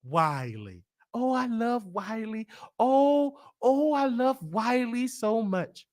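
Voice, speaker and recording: A man's voice: very high-pitched, sing-song, takes it slowly, a little mellow, full character voice. A man putting on the voice of a gushing, scheming woman gossip host, breathless and pushy.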